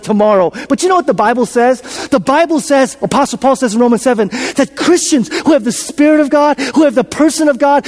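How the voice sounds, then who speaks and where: A male pastor with an extremely high voice preaches in a church sanctuary, repeating lines and questioning the congregation. He swings from loud declarations to hushed whispers, all bathed in long hall reverb.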